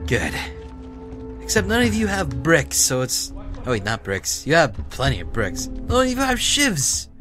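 A man commentating a game as he plays, joking and talking to the characters, dropping to whispers and bursting into yells and swearing. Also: on the high side, wildly swooping pitch, measured pace. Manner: swings from hushed whispers to loud yelling and swearing. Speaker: gameplay commentator. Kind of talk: let's play commentary. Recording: game music playing behind.

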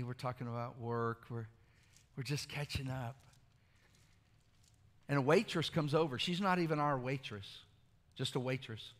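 A male pastor preaching a sermon, telling stories casually and moving between hushed, intimate lines and loud, shouted exclamations. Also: mid-range voice, in a large hall.

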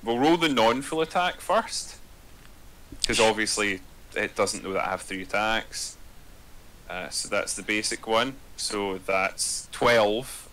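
A man's voice: takes it slowly, poor audio. A man as a player in a tabletop game, muttering his dice rolls and chatting casually. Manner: relaxed, muttering dice rolls, jumpy pitch when excited.

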